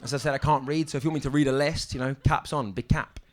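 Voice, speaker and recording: A young man doing a stand-up set on a comedy club stage, halting and deadpan, with many ums and restarts. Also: mid-range voice.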